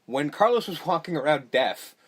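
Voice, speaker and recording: Man, podcast host, lively pitch, casual profane movie recap, quick character impressions. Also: over a noisy crowd. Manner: animated, profane, mimics characters mid-story.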